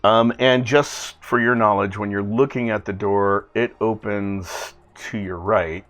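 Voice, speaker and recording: A man narrating as game master of a tabletop role-playing game, in a halting, filler-heavy way. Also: on the low side, fairly even intonation, fairly bright tone.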